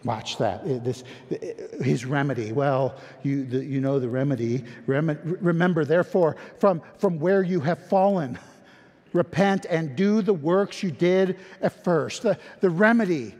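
Male pastor, fervent sermon delivery, unhurried with a slightly high voice, reverberant church hall. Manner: impassioned, repetitive restarts, rising to near-shouting.

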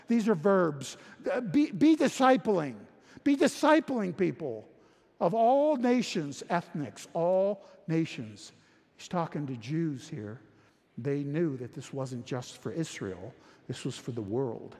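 Brief: male pastor, emphatic sermon delivery, raised pitch, echoing hall sound. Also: lively intonation, slow, a little mellow. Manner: emphatic preaching with frequent repetitions and restarts.

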